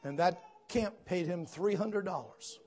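A man preaching a sermon, telling folksy stories with asides to the congregation and building to loud, emphatic peaks. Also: sits high, unhurried, slightly rough. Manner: storytelling, swells to shouts at climaxes.

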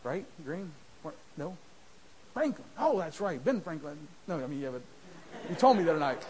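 A man preaching a sermon in church, rising to shouts and dropping to a hush, mimicking his listeners. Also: fairly high pitch, sing-song, moderate pace, poor audio. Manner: swings from shouting to soft, mimics church members. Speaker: visiting preacher.

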